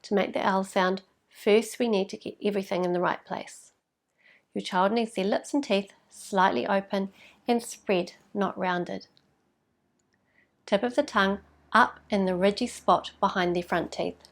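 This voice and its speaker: A woman speech therapist talks parents through a lesson in a patient, clear way, slowing down to model each sound. Her mid-pitched voice carries a gravelly edge of vocal fry. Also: fairly even intonation. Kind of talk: instructional explanation for parents.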